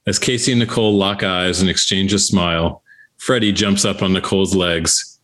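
A man hosting a podcast, reading stage directions and then signing off in a relaxed, conversational way. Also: low voice, moderate pace. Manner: relaxed, conversational, some restarts. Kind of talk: scripted narration and podcast sign-off.

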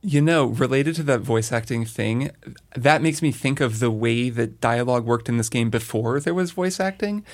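A man's voice: mid-range voice, moderate pace. A man co-hosting a podcast, reflecting thoughtfully in casual chat. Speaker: podcast co-host.

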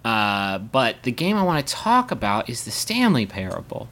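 A young man co-hosting a casual comedic podcast chat, telling jokey stories with sudden high-pitched asides. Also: huge pitch swings, normal speed, a bit bright. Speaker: podcast co-host.

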